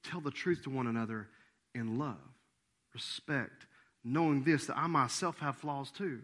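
Lively preacher man with a bright voice. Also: mid-range voice, measured pace. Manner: animated, swings from soft asides to loud acted-out quotes. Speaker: pastor. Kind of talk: sermon.

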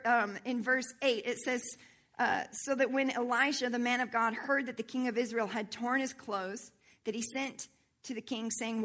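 Woman pastor, sermon, bright voice, a bit high, animated, reads scripture and asks if it makes sense. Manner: animated, asks the congregation for agreement. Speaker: worship pastor. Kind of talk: sermon reading and explaining scripture.

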